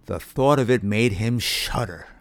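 A man's voice: on the low side, a little slow, no echo. A man narrating a children's storybook, reading expressively into a close mic. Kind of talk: audiobook narration.

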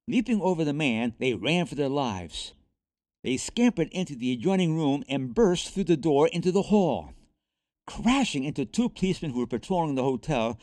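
A man narrating a children's storybook aloud in an expressive read-aloud manner. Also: on the high side, normal speed, no echo, clean studio sound. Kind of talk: storybook reading.

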